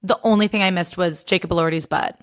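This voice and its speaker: A woman's voice: lowish voice, fast. A young adult woman hosting a solo podcast in casual chat, gushing and ranting with lots of swearing. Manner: animated, profane, gushing and ranting. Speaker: podcast host.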